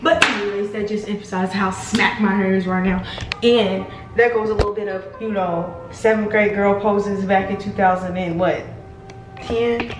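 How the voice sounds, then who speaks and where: A woman's voice: mid-range voice, steady tone, normal speed, echoey room, over music, low-quality recording. A young woman chatting casually through a hair tutorial vlog, playful and rambling with lots of asides. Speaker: beauty vlogger. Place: echoey room at home.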